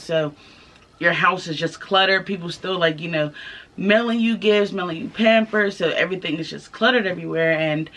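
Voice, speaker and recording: A young woman telling her own story to the camera in a casual vlog, candid and soft-spoken, pausing often with fillers. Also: fairly low pitch. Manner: candid, halting, many fillers. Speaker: vlogger. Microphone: camera mic, filming herself.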